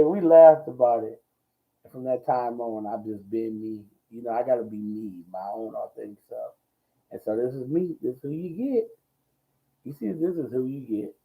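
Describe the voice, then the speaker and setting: Ministry talk host, male, bold and loud, heavy on slang and repetition, low gravel in the voice. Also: moderate pace, low-quality recording. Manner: answers viewer comments. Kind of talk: casual preaching talk.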